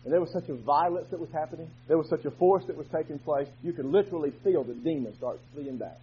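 A male pastor preaching a fervent sermon in a church, moving from quiet talk to shouting. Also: on the high side, fast, a little hiss or hum. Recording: dull lo-fi recording.

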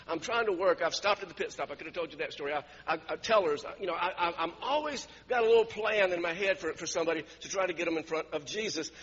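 A man delivers a sermon in a high, bright, slightly husky voice, telling a personal story and chuckling often as he repeats his words. The recording is dull and lo-fi, with the long reverb of a church hall around him. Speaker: pastor.

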